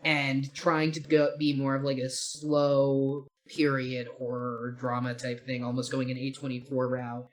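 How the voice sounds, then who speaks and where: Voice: mid-range voice, monotone, measured pace, hardly any pauses. A podcast co-host in casual film review chat, rambling and opinionated, swearing casually.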